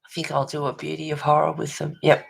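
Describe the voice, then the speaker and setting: A low-voiced Australian woman hosts a colouring livestream in a casual chat. She rants bluntly and swears freely, breaking off to answer chat messages. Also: completely flat delivery, quick pace, vocal fry, slightly rough. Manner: reacts to chat messages with laughs.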